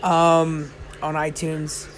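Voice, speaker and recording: A young man with a high voice rambles on his own podcast, tired and yawning in the small hours. He fills his talk with "um" and "like." A faint hiss of noise sits behind him. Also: monotone, extremely slow. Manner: rambling and chatty, many fillers. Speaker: podcast host. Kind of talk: casual solo podcast chat. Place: indoors, lying in bed.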